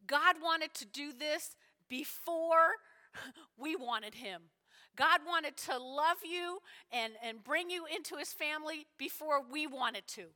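Slow and forceful, a woman with a high, bright voice tells a story in her sermon, emphatically acting out the people's voices. Her words echo with the long reverb of a large hall.

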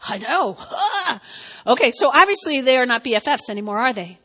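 A woman pastor preaching a sermon, telling stories with animated, laughing delivery. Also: high voice, brisk, slightly rough.

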